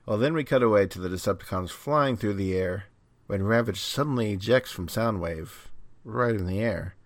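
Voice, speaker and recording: A man's voice: fairly low pitch, normal speed, dry recording. A man co-hosting a podcast, recapping an episode in a casual, wry way. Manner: wry, narrates plot in detail. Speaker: podcast co-host.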